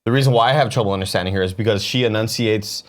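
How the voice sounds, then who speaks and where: A man talking casually on a morning show, animated and drifting into borrowed accents. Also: on the low side, rapid-fire. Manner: animated, slips into put-on British accents. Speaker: show regular back from a trip. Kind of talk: casual chat. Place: studio.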